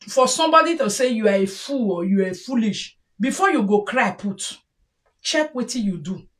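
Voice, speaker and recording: Nigerian woman vlogger, high-pitched, talks straight to viewers in a scolding, advice-giving tone. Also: distant mic. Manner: lecturing, scolding, mixing pidgin. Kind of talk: casual advice monologue. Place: home.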